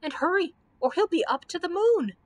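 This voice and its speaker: A woman voicing an excitable young girl in a storybook read-aloud, pleading and urgent. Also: fairly high pitch, fast talker.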